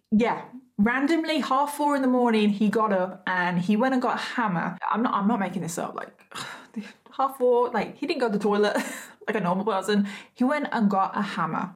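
A woman with a medium-pitched voice hosts a true crime video, recounting a case casually. She often turns aside to address her viewers and voices emphatic disbelief.

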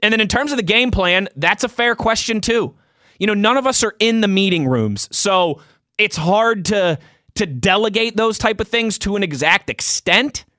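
A young man hosts a sports call-in show, reading listener tweets in a loose, chatty way and laughing easily. His voice sits high and sounds bright and forceful. The close mic keeps the sound dry. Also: animated, moderate pace, no room sound. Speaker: sports podcast host.

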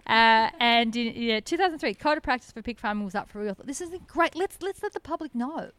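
A woman's voice: fairly high pitch, lively intonation, brisk, fairly bright tone, clean tone, no room sound. A middle-aged woman, founder of an animal sanctuary, telling stories in a podcast interview in an earnest, enthusiastic way and laughing often. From Australia.

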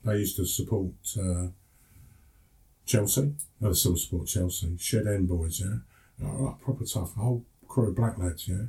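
A man's voice: low-pitched, normal speed, creaky, dark tone. A man with a Cockney accent telling stories in a casual chat, often ending lines with "yeah?". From England. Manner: chatty, tag questions like "yeah?". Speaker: podcast guest. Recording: from a distance.

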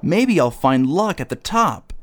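Guy voicing a hopeful storybook kid, eager, slow and bouncy. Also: on the high side, big pitch swings. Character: poor young boy, eager and hopeful. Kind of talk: storybook character voice.

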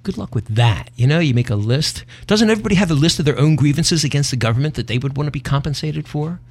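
A man's voice: fairly high pitch, expressive, fast. A man hosting a talk show, chatting in a folksy, opinionated, half-joking way. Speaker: podcast host. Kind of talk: casual talk show banter.

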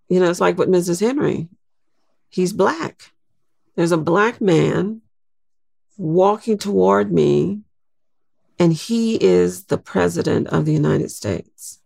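An older woman, a guest in an interview, telling a personal story in a slow, reflective way. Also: fairly low pitch, gravelly, dry recording, studio quality.

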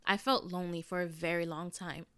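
A woman's voice: lowish voice, steady tone, a little fast, clear, resonant tone, no echo. A young adult woman hosting her own podcast, talking candidly and casually to listeners, saying "y'all" and "like" often. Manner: candid, conversational, uses "y'all" and "like". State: emotional, near tears. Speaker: podcast host. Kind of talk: casual solo podcast talk.

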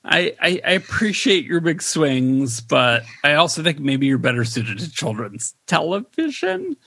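A man co-hosting a casual TV review chat, animated and quick to mimic his own reactions. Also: on the high side, gravelly, no echo. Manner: animated, quotes reactions in raised voice. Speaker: podcast co-host.

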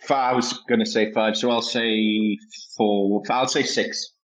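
Low-voiced man with dry quips. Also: steady tone, a little slow. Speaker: podcast co-host. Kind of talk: casual film podcast chat.

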